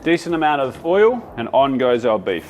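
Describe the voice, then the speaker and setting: A man's voice: mid-range voice, sing-song, moderate pace, a little hiss or hum. An Australian man hosting a casual cooking demonstration, chatty and enthusiastic as he talks while he cooks. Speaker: cooking show host.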